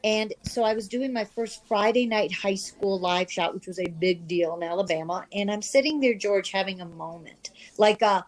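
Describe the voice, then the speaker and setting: A woman in her fifties from the American Midwest, a sports reporter telling her career stories in an interview, animated and self-deprecating. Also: medium pitch, moderate pace, hardly any pauses, poor audio. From Midwest of the United States. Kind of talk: candid conversational storytelling.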